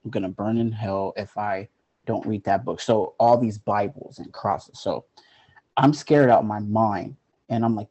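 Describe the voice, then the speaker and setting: A man's voice: on the low side, steady tone, a little slow, mellow. A man telling a personal story in a loose, casual way, with lots of "like" fillers. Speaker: guest.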